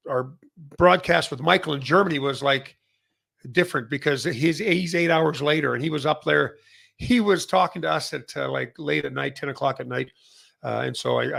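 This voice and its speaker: A middle-aged man from Canada talks through a casual industry update in a husky, deeply gravelly voice that sits a touch high for a man. He rambles along with plenty of fillers and restarts. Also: fairly bright tone. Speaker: massage chair retailer and show host.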